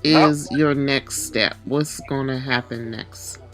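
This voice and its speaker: A woman interviewing a guest, asking calm questions and backing him up with short affirmations. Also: rumbling low, slow, faint music behind.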